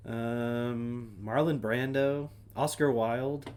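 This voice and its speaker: On his own stream, a man hosts a casual solo chat, reading a list of names aloud in a wry, offhand way and muttering dry asides under his breath. His mid-range voice is steady, clear and resonant, darkish in tone, and very slow.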